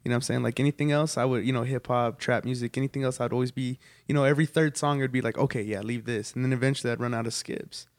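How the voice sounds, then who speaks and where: A man's voice: medium pitch, steady tone, rapid-fire, few pauses, no echo, clean studio sound. A man from a reggae band talking as a podcast guest, slangy and casual. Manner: slangy, uses "dude" and "you know". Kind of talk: casual chat.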